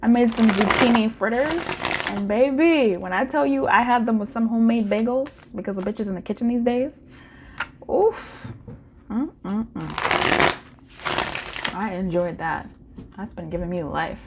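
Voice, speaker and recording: A woman's voice: fairly high pitch, moderate pace, very noisy. A woman doing a casual pick-a-card tarot reading, playful and slangy, with frequent laughter.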